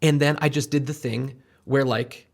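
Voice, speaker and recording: A man hosting a podcast, chatting casually and telling an animated story, acting out the voices of the people in it. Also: medium pitch, moderate pace, creaky. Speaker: podcast host. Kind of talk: casual chat.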